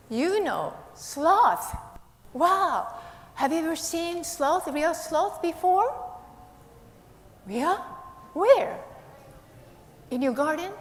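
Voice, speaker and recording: A woman's voice: extremely high pitch, sing-song, extremely slow, pauses often. A woman minister giving a playful children's sermon with a puppet, coaxing the kids with questions. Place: temple hall. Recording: echoey hall, faint hiss.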